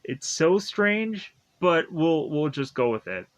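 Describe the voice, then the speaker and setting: A man's voice: a little high, sing-song, slow pace. A young man casually recapping a show episode, rambling with lots of "like" fillers and frequent chuckles.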